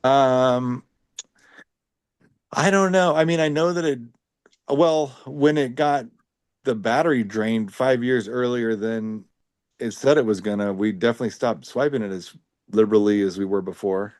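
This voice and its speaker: A man's voice: mid-range voice, moderate pace, a little mellow, no room sound. Guy rambling on a podcast, tons of "like", wry jokes, dry close sound. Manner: rambling, heavy use of "like" fillers; wry, joking. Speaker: podcast panelist living with epilepsy. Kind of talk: casual podcast chat.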